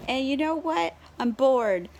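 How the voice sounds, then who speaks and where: A woman's voice: high-pitched, lively intonation, a little slow, creaky, a little mellow, slight background noise. A woman casually reviewing a book while tipsy on wine, chatty and giggly with lots of fillers and swearing, recorded on a camera set on a tripod. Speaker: book vlogger.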